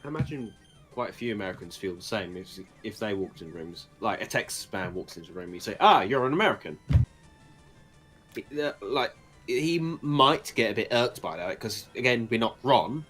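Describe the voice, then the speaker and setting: A man's voice: on the low side, animated, brisk, a bit bright, slightly rough, faint music behind. A man with an English accent co-hosting a game stream, rambling and joking in casual banter.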